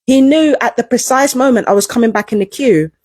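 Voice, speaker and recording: A woman's voice: on the high side, fairly quick, a little mellow, dry recording, studio quality. A woman telling a story to camera in a casual vlog, emphatic and profane, repeating herself for emphasis. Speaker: vlogger.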